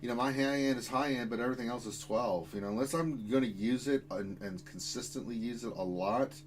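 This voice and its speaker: A man's voice: medium pitch, a little fast, slight background noise, rough recording. Rambling, swearing male stream host. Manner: rambling, swears, playfully exasperated. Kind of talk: casual gaming stream chat.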